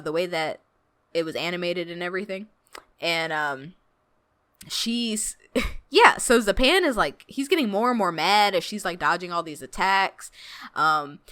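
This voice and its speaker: A woman podcast host recapping a graphic novel in casual chat, animated, often laughing and saying 'like'. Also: medium pitch, no room sound.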